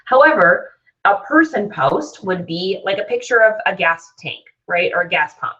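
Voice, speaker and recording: A woman's voice: mid-range voice, lively intonation, moderate pace, pushed and bright. A woman hosting an online business training, talking in an upbeat, chatty way and often checking in with "right?". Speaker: host and sales trainer. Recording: dull lo-fi sound, slightly distant mic.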